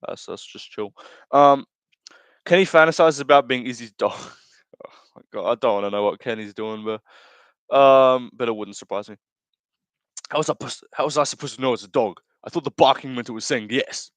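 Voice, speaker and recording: A young male streamer chats casually while reading messages from his chat, cracking crude jokes and laughing between lines. He rambles and keeps correcting himself mid-sentence. His voice sits at an ordinary male pitch, and the recording is close and dry. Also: moderate pace, dry recording. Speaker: livestream host.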